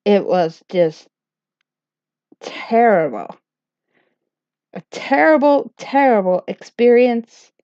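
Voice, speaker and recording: Playful woman telling a comic tale, unhurried and rambling; dry, lo-fi sound. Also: a little high, animated, dark tone, smooth, no room sound. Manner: rambling, self-deprecating, playful. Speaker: storyteller. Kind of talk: comic first-person storytelling. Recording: dull lo-fi dry recording.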